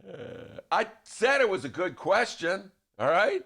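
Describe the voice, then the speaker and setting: A man's voice: high voice, a little slow, vocal fry, husky. A man with a Chicago accent hosting a casual studio podcast, acting out quotes in a raised voice. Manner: animated, acts out quotes in raised voice. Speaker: podcast host. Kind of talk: casual chat.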